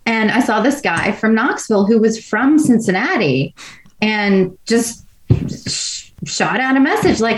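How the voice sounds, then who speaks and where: A woman's voice: on the high side, lively intonation, measured pace, echoey room, low-quality recording. A middle-aged woman from Australia, a race director telling stories in a casual interview, chatty and often laughing.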